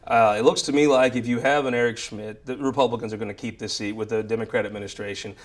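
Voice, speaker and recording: A man's voice: mid-range voice, steady tone, fast talker. A man hosting a political panel show, joking and rambling from topic to topic. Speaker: show host.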